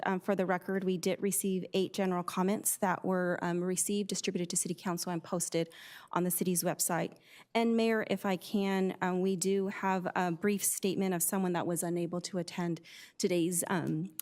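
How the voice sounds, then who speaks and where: A woman's voice: on the low side, darkish tone. A woman serving as city clerk at a council meeting, formally reading a statement into the record with some hesitations.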